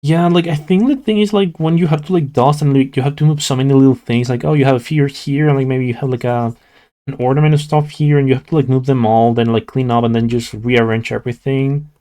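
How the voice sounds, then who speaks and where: A sleepy young man, yawning, chats casually with his live chat while drawing on stream. He talks fast in a mellow, medium-pitched voice with fairly even intonation, rambling with lots of "like" and restarts.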